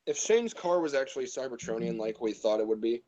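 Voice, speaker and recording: A man's voice: mid-range voice, lively intonation, fairly quick, warm tone. Blunt, swearing man on a dull mic. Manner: blunt, swears, mocks characters. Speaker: podcast co-host. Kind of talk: casual movie review chat.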